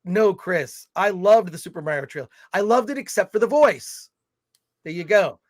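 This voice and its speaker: Ranting livestream co-host, male, high voice, animated delivery. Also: normal speed. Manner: animated, ranting, reads viewer comments aloud. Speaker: podcast co-host reading chat. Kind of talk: livestream film chat, ranting.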